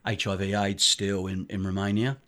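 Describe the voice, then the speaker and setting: A man's voice: fairly low pitch, level tone, moderate pace, fairly bright tone. A middle-aged man, a charity director, telling a story in an interview in a rambling way with many fillers and restarts. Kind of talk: conversational storytelling.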